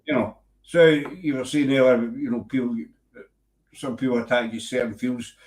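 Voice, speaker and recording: A man's voice: medium pitch, fairly even intonation, normal speed, a little mellow, reverberant. A Scottish man hosting a casual show, teasing his guest and joking as he rambles. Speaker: host. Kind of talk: casual banter on a web show.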